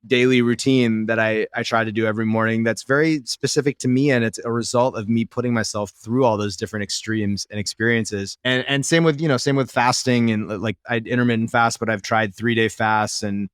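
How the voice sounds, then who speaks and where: A man's voice: medium pitch, fairly even intonation, brisk, hardly any pauses, clean tone, no room sound, clean studio sound. A man in his thirties hosting a podcast, chatting casually and eagerly with his guest. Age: 30s. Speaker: podcast host. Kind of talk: casual conversational interview.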